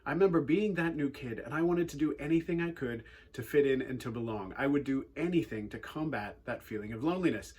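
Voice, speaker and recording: A man with an English accent, telling a personal story in an animated, wry and earnest way as a youth speaker. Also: mid-range voice, fast talker, few pauses, slightly rough. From England.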